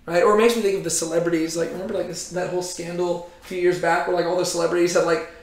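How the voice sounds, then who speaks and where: Brief: high-pitched man leading a Bible study, chatty, lots of "like", roomy echo. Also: racing. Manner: animated, frequent "like" and "right?". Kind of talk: casual Bible teaching. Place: Bible study room with a group.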